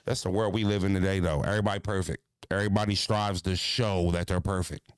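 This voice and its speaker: A man hosting a casual podcast, ranting bluntly with profanity, jumping into animated voices and stuttering restarts. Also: sits low, fast, clear, resonant tone, no echo. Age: adult. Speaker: podcast host.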